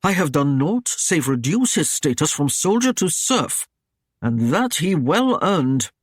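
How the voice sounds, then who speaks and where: A man playing a gruff Norman knight lord. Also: on the high side, sing-song, measured pace, dry recording, clean studio sound. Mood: gruff annoyed. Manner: gruff, commanding, dryly mocking.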